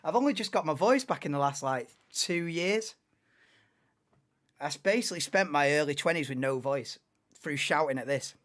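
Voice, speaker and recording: A man in his late twenties, hosting a live race watchalong in an excitable, rambling, chatty way. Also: a little high, moderate pace. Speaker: livestream host.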